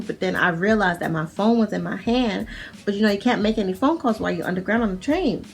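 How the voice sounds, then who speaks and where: A young woman with a New York accent spins a story to her viewers in a loose, rambling way. She swears freely, stacks up "like" and restarts her sentences, her voice at an ordinary middle pitch. Soft music plays behind her. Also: moderate pace. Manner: chatty, profane, lots of "like" and restarts. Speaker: vlogger. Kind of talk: casual storytime. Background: faint music.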